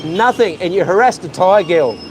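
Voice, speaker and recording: A man's voice: high-pitched, expressive, moderate pace. An emotional young Australian man ranting heatedly on a live stream from outdoors, repeating himself as he vents. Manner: agitated, heated, repetitive ranting. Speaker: vlogger. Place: outdoors on a street. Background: faint traffic.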